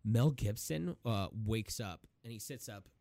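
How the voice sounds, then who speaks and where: A man's voice: lowish voice, animated, a little slow, vocal fry, warm tone, no room sound. A young adult man co-hosting a podcast. He retells a movie scene in casual, rambling chat, swearing and laughing as he goes. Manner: rambling, swears freely, laughs while telling a story. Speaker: podcast co-host.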